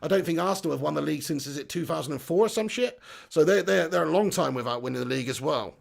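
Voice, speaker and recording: A man's voice: a little high, lively intonation, quick pace, gravelly. A man hosting a football live stream, reading out chat comments in a chatty way, laughing and swearing casually. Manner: chatty, laughs often, swears casually, says mate a lot.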